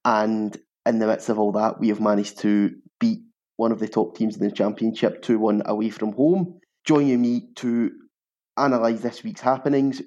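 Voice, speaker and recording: Low, mellow Scottish podcast host. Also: male voice, lo-fi sound. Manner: steady, reads statements aloud plainly. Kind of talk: scripted intro and casual football chat.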